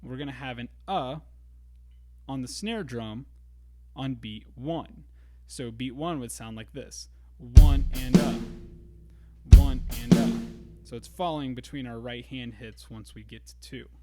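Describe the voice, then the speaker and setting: A man teaching a drum lesson in a relaxed way, explaining grooves step by step. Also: medium pitch, unhurried, loud music behind the voice. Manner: counts beats aloud, easygoing explaining. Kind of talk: casual instructional talk. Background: drum kit and metronome.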